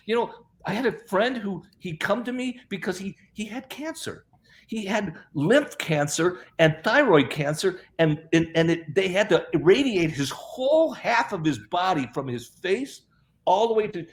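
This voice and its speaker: A middle-aged man with a fairly high voice tells a long story as a guest on an interview. He rambles, restarts, and repeats his words as he goes. He also acts out what other people said without changing his voice. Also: lively intonation, moderate pace. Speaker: guest, health practitioner.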